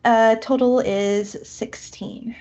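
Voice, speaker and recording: A woman playing in a tabletop game, talking in a hesitant, halting way. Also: a little high, steady tone, a little mellow, muffled recording, soft background music. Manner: hesitant, halting, laughs often. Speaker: player. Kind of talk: casual tabletop game play.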